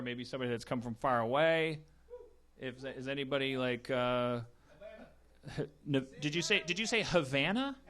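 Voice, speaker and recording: A man's voice: medium pitch, sharp tone. A man hosting a live comedy podcast, rambling with many stammered restarts. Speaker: podcast host. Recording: live stage, audience.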